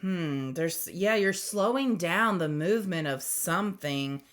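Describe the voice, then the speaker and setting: Woman tarot reader, casual spiritual chat, drawn-out pace, meandering and laughing. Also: lowish voice, animated. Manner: rambling, chatty, laughs often.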